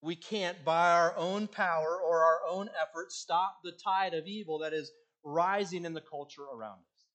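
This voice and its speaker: A male pastor preaching a sermon, earnest, swinging between loud emphasis and quiet, hushed endings. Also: a little high, fairly even intonation, normal speed, hardly any pauses.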